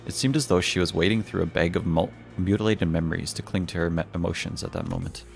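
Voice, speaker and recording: Deep, gravelly-voiced male streamer. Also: fairly even intonation, quick pace. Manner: reads the story aloud, restarting stumbled words. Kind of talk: reading game story text aloud.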